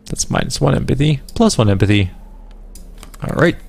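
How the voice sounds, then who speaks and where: A man's voice: medium pitch, expressive, moderate pace, vocal fry, a little mellow. A man hosting a let's play, making dry, offhand remarks as he plays through a game. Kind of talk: casual gameplay commentary.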